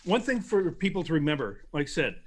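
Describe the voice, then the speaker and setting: A man's voice: fairly high pitch, big pitch swings, a little fast. A man co-hosting a casual livestream chat, opinionated, telling stories and mimicking other people's voices. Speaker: co-host.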